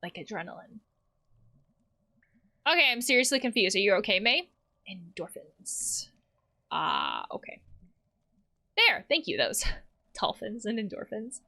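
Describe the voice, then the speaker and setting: A woman's voice: medium pitch, wildly swooping pitch, unhurried, creaky, pauses often, pushed and bright. A woman playing a game, reading the characters' lines aloud and adding her own comments. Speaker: let's play host.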